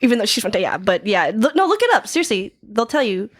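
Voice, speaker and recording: A woman chatting casually as a podcast guest in a playful, giggly way. Her voice sits a little high. The studio sound is dry and close. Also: big pitch swings, fast talker, no room sound.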